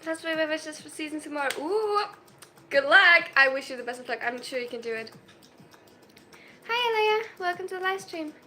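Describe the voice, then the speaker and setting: On a laid-back livestream with slight background noise, a woman in her twenties speaks in a high-pitched, sharp voice with lively intonation. She gets flustered, interrupts herself often, and is quick to laugh.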